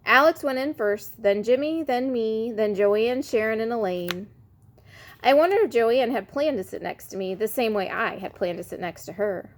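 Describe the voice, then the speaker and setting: A woman reading a children's chapter book aloud in a lively, expressive way. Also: on the high side, normal speed, a little hiss or hum. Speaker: reader.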